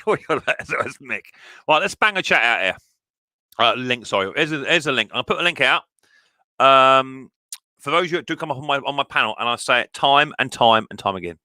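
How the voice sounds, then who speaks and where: A middle-aged man hosts a live stream from home, greeting viewers and chatting away cheerfully. He talks fast in a bright, forceful voice. The sound is dry and close, with no room echo. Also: mid-range voice. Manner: chatty, cheerful, reads viewer comments aloud. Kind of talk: casual live stream chat.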